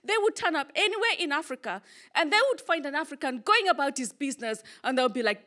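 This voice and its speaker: A woman from Kenya performing a stand-up comedy set on a club stage, with punchy deadpan delivery and pauses for laughs. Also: high-pitched, noisy background.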